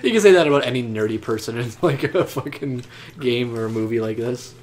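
A man's voice: mid-range voice, fast. A young man casually commentating on a friend's game, teasing and giving directions with lots of fillers. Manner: teasing, backseat gaming, filler-heavy. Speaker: co-host commentator. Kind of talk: casual let's play commentary. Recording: faint background noise.

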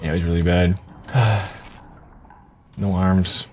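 A man's voice: low voice, fairly even intonation, takes it slowly, a little mellow. A man chatting casually and joking while playing a game, laughing often. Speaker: gaming streamer. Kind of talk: casual chat during a game. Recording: game music underneath.

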